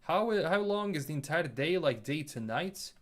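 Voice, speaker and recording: A man's voice: a little high, lively intonation, normal speed. Bosnian-accented man chatting on stream. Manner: reads viewer comments aloud and answers them. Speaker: live streamer. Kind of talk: casual live-stream chat.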